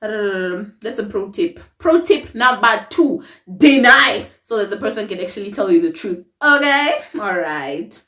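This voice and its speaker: A young woman telling a personal story to her viewers in a casual, expressive way, laughing often. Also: medium pitch, moderate pace, distant mic. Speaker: storytime vlogger. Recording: roomy echo, away from the mic.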